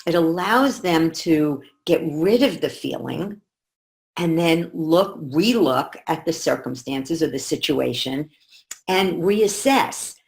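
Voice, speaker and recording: Middle-aged lady coach, low voice with some fry, calm measured teaching. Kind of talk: teaching talk to camera.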